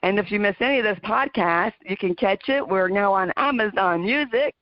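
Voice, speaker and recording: A woman's voice: medium pitch, no room sound. Earnest woman hosting a radio talk show. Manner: earnest, emphatic, slows down to stress points. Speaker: podcast host. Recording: dull lo-fi dry audio.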